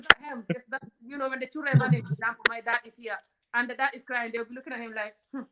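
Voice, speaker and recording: A woman's voice: a little high, steady tone, quick pace, crowd noise. A woman from Africa hosting a comedic relationship talk, blunt and outspoken, often laughing. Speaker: host.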